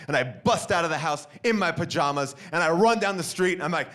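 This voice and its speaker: A man doing stand-up storytelling into a stage mic, with a high, lively voice that leaps up and down. He acts out each person in the story as he goes. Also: normal speed. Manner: animated, acts out every character in the story. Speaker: stand-up comedian.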